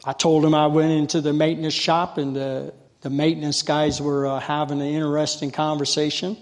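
A man preaching a sermon in a folksy storytelling way, calling on the congregation to answer and growing loud when fired up. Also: a little high, flat delivery, fairly quick. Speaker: lay preacher. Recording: long hall reverb.

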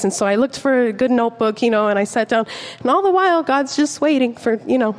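A young woman giving an earnest, chatty sermon, reading scripture slowly and telling a personal story. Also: fairly high pitch, big-room sound. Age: young adult. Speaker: preacher.

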